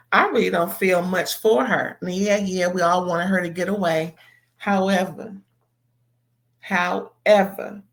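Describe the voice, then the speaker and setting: A woman giving an animated, emphatic recap of a TV episode, swearing and exclaiming as she reacts. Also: lowish voice. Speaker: TV show reviewer. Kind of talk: casual recap and commentary.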